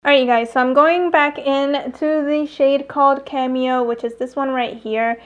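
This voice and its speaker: A woman's voice: high voice, fairly even intonation, moderate pace, highs cut off. A woman talking through a casual makeup tutorial at home, chatty, with lots of fillers and little laughs. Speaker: beauty vlogger. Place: home, airplanes passing nearby.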